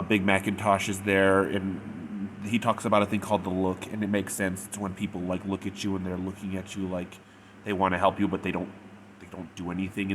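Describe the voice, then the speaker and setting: Low-voiced man rambling through a review. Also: a little hiss or hum. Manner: rambling retelling, full of "like" and "or whatever". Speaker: fanfic reviewer. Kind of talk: casual spoken review.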